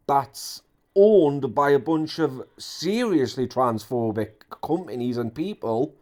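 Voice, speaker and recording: A man giving indignant, repetitive ranting commentary on an online drama. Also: on the high side.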